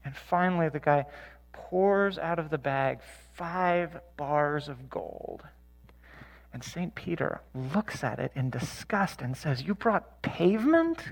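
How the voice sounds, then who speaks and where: A man's voice: fairly high pitch, takes it slowly, gravelly. A man leading a church Bible study, talking casually with many fillers and self-corrections. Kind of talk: casual teaching talk with anecdotes.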